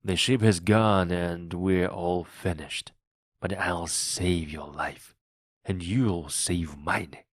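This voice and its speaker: Hear a fierce, cunning old pirate captain, put on by a male reader in a storybook reading, commanding and threatening, his slow words thrown out loud. The voice sits a touch low and close, in a dry, dead recording with no room around it. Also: steady tone, dry recording. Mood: hushed, scheming. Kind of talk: read-aloud audiobook acting.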